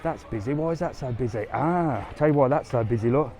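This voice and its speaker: A travel vlogger with a warm, medium-pitched voice and a quick pace walks an outdoor tourist strip by the sea. He chats with viewers in a live vlog, answering their questions and cheekily replying to comments on the go. He records on a handheld camera while walking, with light street noise outdoors.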